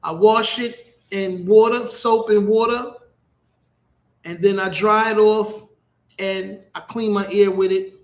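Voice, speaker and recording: High-voiced man rambling slowly, echoey room. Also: fairly even intonation. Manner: rambling, profane, repeats himself. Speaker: radio show host. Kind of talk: casual rambling monologue.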